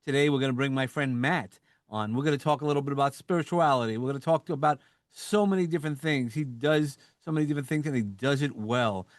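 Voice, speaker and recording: An upbeat man with a New York accent opens the show and welcomes his guest in a friendly, chatty way. His voice is mid-pitched and recorded dry and close, with no room sound. He leans on "you know" as he talks. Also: fast, no room sound. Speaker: podcast host. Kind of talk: casual interview chat.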